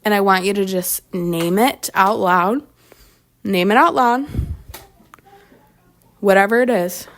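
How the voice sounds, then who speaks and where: A woman's voice: mid-range voice, slow, pauses often. Young woman, podcast host, earnest, unscripted, talks into a phone, fillers like "like". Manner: earnest, talks straight to listeners, many "like" fillers. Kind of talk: unscripted heartfelt monologue.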